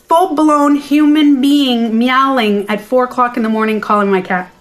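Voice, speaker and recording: A woman talking to her followers on a phone livestream, her voice sitting a little high. She tells the story in a chatty, animated way, blunt and sometimes swearing. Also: moderate pace, few pauses, faint music behind. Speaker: beauty and life coach.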